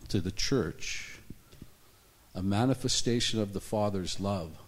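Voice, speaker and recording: A man with a low voice preaches a sermon in a church. He tells stories with fervor and acts out each character along the way. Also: measured pace. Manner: storytelling, acts out the people in his stories.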